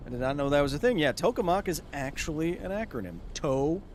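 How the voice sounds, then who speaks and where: A man's voice: fairly high pitch, lively intonation, brisk, a little hiss or hum. A man streaming a video game live, yelping in surprise at enemies and explaining science at length to his chat. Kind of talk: live gameplay commentary. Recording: loud game gunfire behind voice. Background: game gunfire and ambience.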